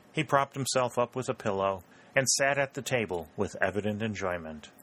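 A man reading a historical novel aloud as audiobook narrator, in a measured, even storytelling manner. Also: fairly low pitch. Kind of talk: scripted narration.

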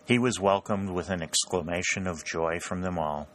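A man reading a story aloud in a measured storytelling manner, lightly voicing the characters. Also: deep voice, fairly bright tone. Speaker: audiobook narrator. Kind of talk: scripted narration.

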